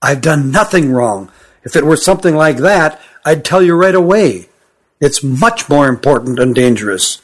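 A man's voice: fairly high pitch, animated, normal speed. Narrator doing sturdy young fugitive, urgent, secretive, near his own voice, storybook. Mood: secretive pleading. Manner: urgent, hushed, pleading. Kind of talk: audiobook character voice.

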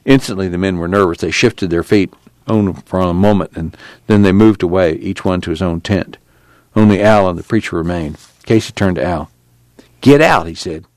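A man reading a novel aloud in a steady, measured storytelling voice. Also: sits low, no echo. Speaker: narrator. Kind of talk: audiobook narration.

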